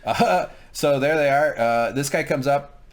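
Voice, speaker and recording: A man's voice: on the high side, a little slow. A man co-hosting a TV review chat, cracking jokes, swearing freely and telling stories with animation. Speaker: co-host of a TV review show. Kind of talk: casual recap chat.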